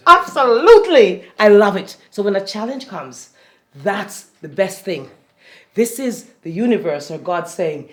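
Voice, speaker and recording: A woman from Jamaica with a Jamaican accent, giving a lively inspirational talk to a group, laughing often and bursting into loud peaks. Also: mid-range voice, moderate pace. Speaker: motivational speaker.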